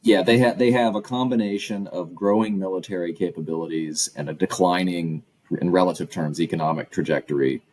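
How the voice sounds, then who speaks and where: A man, a professor being interviewed, answering in a measured, analytical way with concise phrasing. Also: sits low, a little mellow, poor audio. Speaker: guest author and professor.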